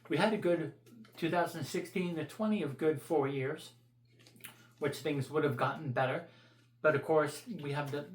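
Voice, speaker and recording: A man's voice: on the high side, reverberant. A man vlogging his opinions in a blunt, profane, rambling rant.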